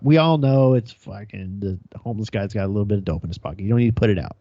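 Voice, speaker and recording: Low-voiced profane cop telling stories. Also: male voice, fast talker, few pauses, a little mellow, no room sound. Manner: profane, laughing storyteller acting out radio calls. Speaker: podcast co-host, police officer. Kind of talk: casual storytelling chat. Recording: dry, dull lo-fi sound.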